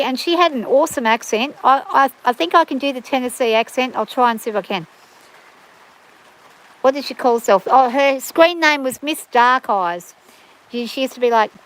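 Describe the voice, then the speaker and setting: A woman's voice: high-pitched, a bit bright, rough recording. A woman hosting a livestream from her farm, chatting casually and rambling with frequent restarts and fillers. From Australia.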